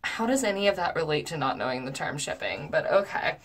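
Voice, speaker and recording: A woman's voice: low voice, lively intonation, brisk. A young adult woman in a casual storytime vlog, talking in a chatty way with lots of fillers and reading messages aloud. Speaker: cosplayer recounting messages.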